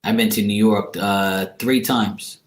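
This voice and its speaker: A man's voice: on the low side, fairly even intonation, slow. A man telling a rambling story in a casual way, with many restarts and some laughs. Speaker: channel host. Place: room in a home. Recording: echoey room.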